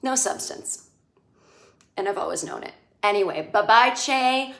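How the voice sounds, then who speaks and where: A woman's voice: medium pitch, lively intonation, a little slow, vocal fry, fairly bright tone. Sarcastic woman ranting about a show. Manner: sarcastic ranting, mocking quoted lines in put-on voices. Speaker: comedian recapping a TV episode. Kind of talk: casual comedic monologue. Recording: echoey room.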